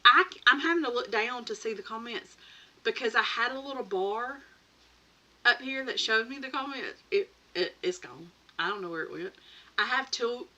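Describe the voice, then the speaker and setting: A woman's voice: fairly high pitch, bright, forceful tone, lo-fi sound. A woman hosting a casual late-night live chat from her home craft room, chatty and rambling, laughing often and greeting viewers by name. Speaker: crafting channel host. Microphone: computer or tablet mic.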